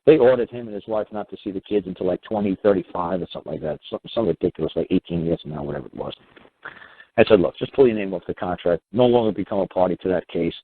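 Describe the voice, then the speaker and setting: A low-voiced, middle-aged man rattles off blunt, rambling advice and swears freely as a call-in show host. The sound is tinny and phone-like, and very dry. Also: gravelly, breathy edge, dry recording.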